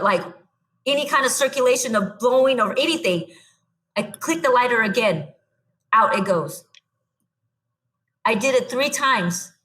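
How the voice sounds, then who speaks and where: A young woman talks as a podcast guest, her voice sitting a little high. She tells her story bluntly and with energy. She drops straight into the lines she spoke back then. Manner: animated, blunt storyteller acting out her own past lines. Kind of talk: casual storytelling.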